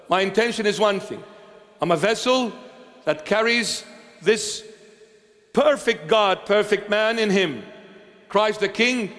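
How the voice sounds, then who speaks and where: Man, bishop, sermon, impassioned, repetitive, high-pitched, long reverb of a church hall. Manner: impassioned, repetitive, swings from loud to hushed. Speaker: bishop preaching.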